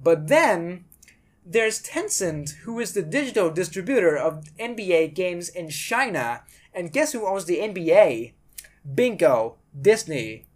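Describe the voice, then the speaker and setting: A woman hosts her podcast with opinionated commentary that is blunt and sarcastic, and she swears freely. Her voice sits fairly low. Her pitch swings widely. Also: sing-song, measured pace. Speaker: podcast host.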